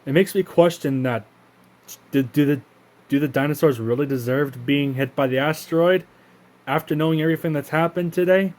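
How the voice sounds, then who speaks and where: A man's voice: on the high side, darkish tone. Indignant, profane man. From Canada. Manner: indignant, profane, halting with many restarts. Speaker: channel host. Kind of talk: casual spoken rant to camera.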